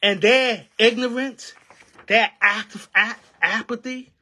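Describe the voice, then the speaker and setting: Fiery New man, bright husky voice. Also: extremely high pitch, fairly even intonation, slow. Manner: fiery, preacherly, rhetorical questions. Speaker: union member and activist. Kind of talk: impassioned political commentary.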